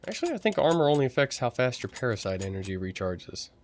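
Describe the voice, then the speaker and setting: A man's voice: mid-range voice, very animated, fast, slight background noise. A sleepy man thinking aloud as he streams a game playthrough. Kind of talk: casual game playthrough commentary.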